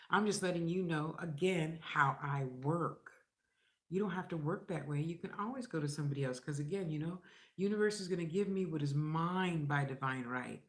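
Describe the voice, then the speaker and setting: A middle-aged woman talking straight to camera in a blunt, rambling way, cursing freely and acting out other people's lines. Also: on the low side. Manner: blunt, profane, rambling and animated. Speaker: vlogger. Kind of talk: casual vlog monologue. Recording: echoey room.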